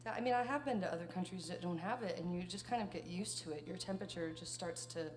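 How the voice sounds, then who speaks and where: A woman's voice: lowish voice, fast. A woman guitarist chatting playfully with her partner and the audience between songs at a live show. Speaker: performing guitarist and singer. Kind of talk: casual on-stage banter. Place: live music venue.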